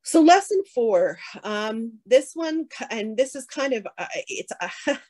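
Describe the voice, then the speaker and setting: A woman's voice: fairly high pitch, lively intonation, a little slow, darkish tone, no echo. Candid middle-aged woman, dry voice. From Canada. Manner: candid, hesitant, many fillers and restarts. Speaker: keynote speaker and professor. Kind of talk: keynote speech.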